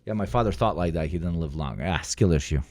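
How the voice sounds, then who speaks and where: A man streaming live, reacting to clips with profane, excitable chat that swings from mumbles to shouts. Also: low voice, fast talker, no room sound. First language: Serbian.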